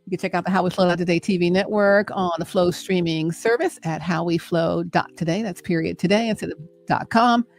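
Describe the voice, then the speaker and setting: A woman's voice: lowish voice, steady tone, brisk. A middle-aged woman hosting a motivational faith talk on a livestream, speaking with an emphatic, repetitive, preacher-like cadence and coaxing her listeners.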